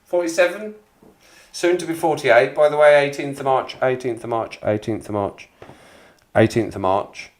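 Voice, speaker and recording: A man in his forties hosts a relaxed live stream, chatting and rambling as he greets viewers by name. His pitch sits right in the middle, and he laughs easily. The room around him has a noticeable echo. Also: moderate pace. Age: 40s. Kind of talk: casual live stream chat. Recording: echoey room.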